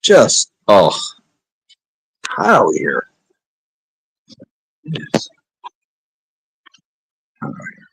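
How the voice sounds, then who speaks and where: A man's voice: on the low side, huge pitch swings, drawn-out words, pauses often, fairly bright tone, slightly rough, low-quality recording. A middle-aged man streaming, chatting in a laid-back, rambling way with sighs and joking asides. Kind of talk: rambling casual livestream chat.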